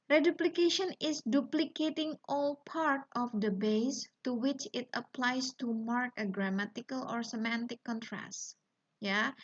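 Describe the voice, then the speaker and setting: A woman's voice: a little high, highs cut off. A woman whose first language is Indonesian, teaching an online English lesson, repeating example words with heavy stress and checking in with "yeah?" and "okay?". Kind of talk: recorded online lecture.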